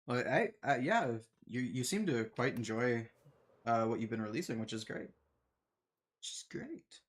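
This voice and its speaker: A man's voice: medium pitch, moderate pace. A man streaming a game, chatting in a rambling, self-deprecating way and laughing often. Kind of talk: casual chat while gaming.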